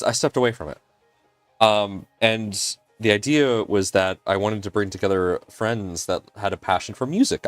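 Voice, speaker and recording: A man's voice: on the low side, no echo. A man hosting a casual livestream from his home workshop, earnest and emotional, often restarting his sentences. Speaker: livestream host and maker.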